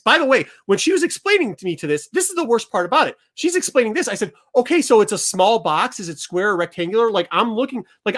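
Animated man telling a story. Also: sits high. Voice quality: animated, acts out both sides of the exchange. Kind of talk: storytelling to a studio crew.

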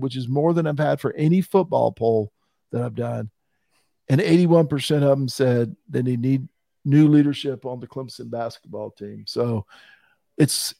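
A man hosting a casual sports talk podcast, chatty and quick to laugh. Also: medium pitch, vocal fry, dark tone, no room sound, clean studio sound. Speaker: podcast host.

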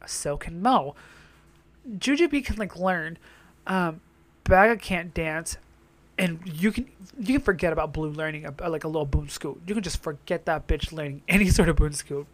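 A woman's voice: low-pitched, normal speed, no echo. A young woman chatting casually as she reacts to a TV show, often swearing and laughing as she goes. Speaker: reaction vlogger.

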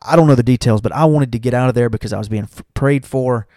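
A man's voice: mid-range voice, fast talker, warm tone, dry recording, studio quality. Earnest man telling his testimony. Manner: earnest storytelling, addressing listeners as y'all. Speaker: church member giving testimony. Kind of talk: personal testimony.

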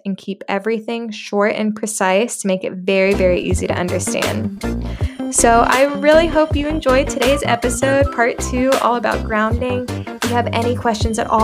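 A young adult woman, an occupational therapist, hosting a solo podcast with friendly, earnest advice and often repeating words for emphasis. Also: medium pitch.

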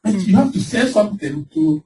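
A man preaching a lively sermon as pastor, laughing often and acting out voices of the people he describes. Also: high voice, a little fast, creaky. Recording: distant mic with faint background noise.

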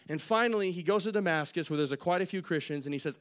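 A young man preaching in a casual, lively way, retelling a story and acting out its people with jokes at his own expense. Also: high voice, fast talker, few pauses. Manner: animated storyteller, acts out characters, jokes at himself.

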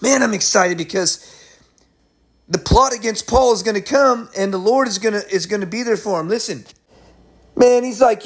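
High-voiced, excitable man preaching. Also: measured pace, pauses often. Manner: excitable, slangy, keeps saying man. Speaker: Bible teacher. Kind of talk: casual Bible study talk.

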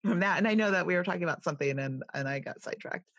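Husky, low-pitched chatty woman. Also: racing, fairly bright tone, no room sound. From California. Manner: chatty storyteller, mimics voices. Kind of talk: casual chat.

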